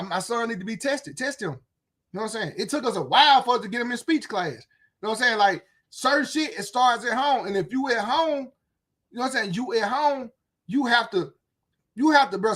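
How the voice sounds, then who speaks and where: Man ranting animatedly, full of emphasis. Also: high-pitched. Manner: animated, emphatic, repeats "you know what I'm saying". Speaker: reaction channel host. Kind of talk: casual profane rant to viewers.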